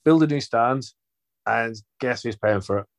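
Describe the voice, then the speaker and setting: A man's voice: mid-range voice, moderate pace, vocal fry. A man hosting a football fan podcast, chatting casually with jokey, rambling banter. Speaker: podcast host. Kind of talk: casual chat.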